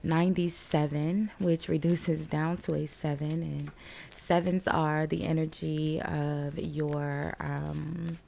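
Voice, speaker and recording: Deep, slow, gravelly and mellow, with little pitch movement, a woman recovering from a cold gives a rambling, chatty tarot reading at home. She uses fillers and little laughs, and faint outdoor noise filters in from the open balcony door.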